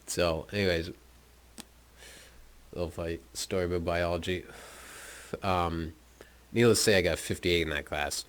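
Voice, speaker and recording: A man's voice: sits low, fairly even intonation, normal speed, long pauses, sharp tone. A young man casually telling a rambling, profane story about his school days, often laughing as he talks. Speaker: podcast host telling his life story.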